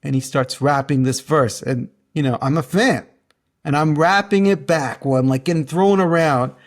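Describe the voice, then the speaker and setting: A man's voice: a little high, normal speed. A man from Canada hosting a casual interview, telling his own stories with enthusiasm. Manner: enthusiastic storytelling. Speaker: podcast host.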